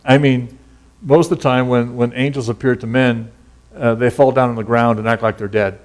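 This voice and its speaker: A middle-aged pastor with a medium-pitched voice preaches at a moderate pace. His sermon is relaxed and conversational, packed with folksy stories and casual asides.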